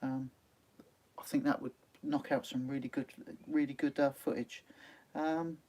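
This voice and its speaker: A man hosting a live fishing stream, chatting casually and reading out viewer comments, laughing often and filling pauses with "um". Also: medium pitch, little pitch movement, a little mellow. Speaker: sea angling channel host. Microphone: phone.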